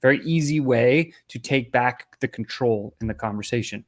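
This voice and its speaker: A man in the role of a sales coach, teaching in an easy conversational manner. His voice sits at a middling pitch, and he keeps checking in with a quick "right?" as he explains. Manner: conversational, often tags lines with "right?". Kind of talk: instructional talk to camera.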